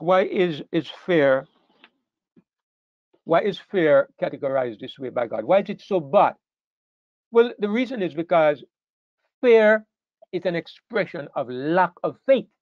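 A man's voice: on the high side, no room sound, dull audio. A man preaching a sermon, emphatic, stressing key words and often repeating himself as he restarts phrases.

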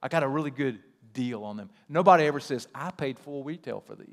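A male pastor giving a conversational sermon, telling stories with a joking, animated manner in a church sanctuary. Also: medium pitch, fast talker, big-room sound. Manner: conversational, animated storytelling with self-deprecating humor.

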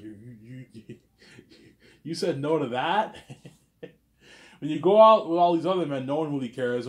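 A young man talking alone in a rambling, boastful way, often repeating himself and stumbling over words. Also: medium pitch. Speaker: vlogger. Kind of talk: rambling solo monologue.

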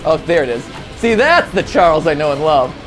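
A man hosting a casual let's-play, excitable and joking, shouting at the game as he plays. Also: on the high side, fairly quick. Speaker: host. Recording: game music behind.

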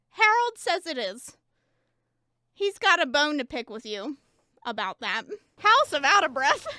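A woman's voice: high-pitched, pushed and bright, no echo. A young woman streaming casually, chatty and giggly as she talks to her chat, a little out of breath. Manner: giggly and chatty, talking to chat while changing onesies.

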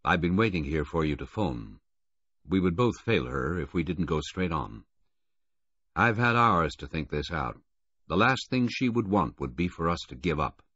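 An earnest, steady racing official, read by a man with a deep, husky voice. He speaks with a lively rise and fall. The sound is dry and muffled. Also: dry recording, exaggerated voice. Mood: brisk. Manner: earnest, halting when grieving. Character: grieving but steady middle-aged racing official.

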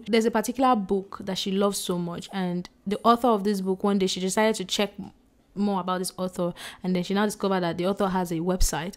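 Chatty woman reviewing books. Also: medium pitch. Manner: chatty, excitable, gushing. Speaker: book vlogger. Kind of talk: casual book review chat.

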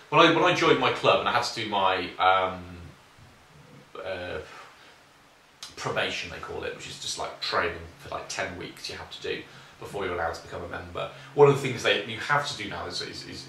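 A British man chatting loosely through viewer questions, full of ums and restarts, in a lowish voice with a bright, sharp edge. He sounds set back from the mic in a roomy, echoey space, with a faint hiss in the background. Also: brisk, creaky, far from the mic. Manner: rambling, informal, lots of fillers. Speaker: shooting channel host. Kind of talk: casual Q&A chat.

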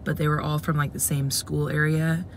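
A woman's voice: low voice, level tone, normal speed, slight background noise. A young woman vlogging casually, chatting in a rambling, candid way as she runs weekend errands. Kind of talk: casual vlog chat. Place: parking lot, then store.

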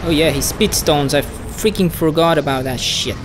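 A woman gamer giving excitable let's play commentary, swearing a lot, shrieking at surprises and talking to the enemies on screen. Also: low-pitched, normal speed, noisy background.

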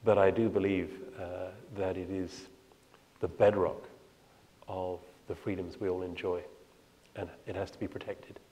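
A man with a plummy British accent speaking on a panel, measured and self-deprecating, with a lot of hesitation. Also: low voice, little pitch movement, warm tone. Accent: British, Cambridge-educated. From Ireland. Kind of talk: panel discussion.

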